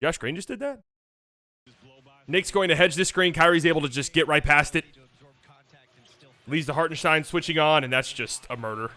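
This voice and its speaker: A man hosting a basketball channel, breaking down game highlights with playful, joking asides. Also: a little fast, sharp tone. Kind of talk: game film breakdown commentary.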